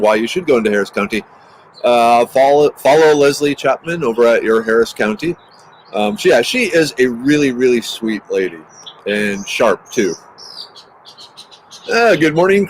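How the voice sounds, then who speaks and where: A man hosting a casual outdoor livestream, talking extra loud into a handheld microphone. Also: mid-range voice, slight background noise, rough recording. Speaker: livestream host. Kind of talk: casual livestream chat greeting viewers. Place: outdoors near a busy highway. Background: birdsong.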